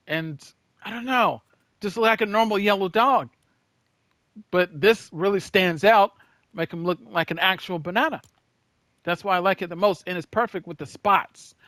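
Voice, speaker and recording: A man giving casual reaction commentary while he plays a video game, rambling and thinking out loud, repeating words and tossing in "bro.". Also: on the high side, dry recording, clean studio sound. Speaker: gaming video creator.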